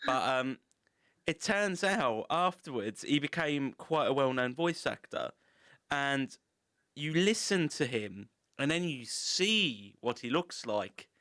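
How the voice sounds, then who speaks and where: A man's voice: medium pitch, lively intonation, takes it slowly, pushed and bright, dry recording, clean studio sound. Sweary man hosting a podcast. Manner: sweary, laughing banter. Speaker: podcast host. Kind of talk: casual chat.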